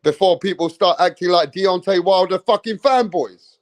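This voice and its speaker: A man hosts a boxing channel in a loose, streetwise way. His voice sits a little high, and he keeps telling viewers off in slang, tacking "bruh" and "man" onto his lines. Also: normal speed. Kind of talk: casual livestream rant.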